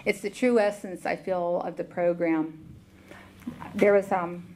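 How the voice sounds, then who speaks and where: A middle-aged woman with a Southern US accent speaks in a low-pitched voice, stopping and restarting with plenty of ums as she tells her own story to a meeting. The recording is noisy, with a steady hiss running under her voice. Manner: halting, many ums and restarts. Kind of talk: personal testimony talk. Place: meeting hall.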